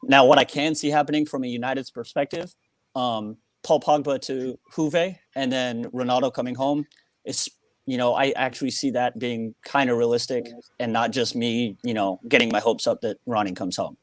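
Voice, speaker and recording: A man's voice: mid-range voice, steady tone, normal speed, no echo. American guy calling in, lots of ums, dry close sound. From born in England, raised in the US. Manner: hesitant, lots of ums, earnest. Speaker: caller. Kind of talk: casual phone-in chat.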